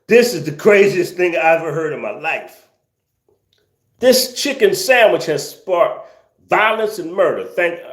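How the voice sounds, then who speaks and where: A man's voice: on the high side, echoey room. A man hosting a casual livestream, reading viewer comments and ranting with incredulous laughter and slang.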